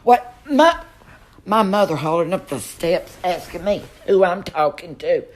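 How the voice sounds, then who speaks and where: A man playing a slow-talking drama queen. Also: sits high, expressive. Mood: campy. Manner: dramatic, gossipy storytelling with camp exclamations. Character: flamboyant middle-aged Southern man stuck in lockdown. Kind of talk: comic character monologue. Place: home, indoors.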